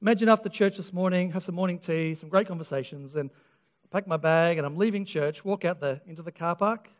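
Brief: male pastor, high voice, earnest sermon delivery, heard on a dull, lo-fi recording in a reverberant hall. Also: fairly quick. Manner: earnest, emphatic, with repeated restarts and self-deprecating humour. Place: church. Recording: dull lo-fi sound with long church reverb.

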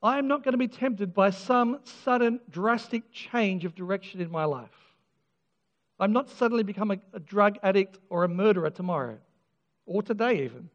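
Earnest preacher with a high voice. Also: male voice, moderate pace. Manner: earnest, emphatic, with repeated restarts and self-deprecating humour. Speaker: pastor. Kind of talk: sermon. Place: church. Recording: dull lo-fi sound with long church reverb.

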